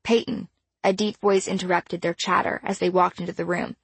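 Gravelly-voiced woman narrating a story. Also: on the low side, dry recording. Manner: measured, expressive storytelling. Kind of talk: audiobook narration.

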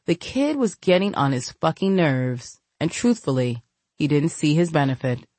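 A woman narrating an audiobook in steady storytelling. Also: low voice, moderate pace, no room sound. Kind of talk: scripted narration.

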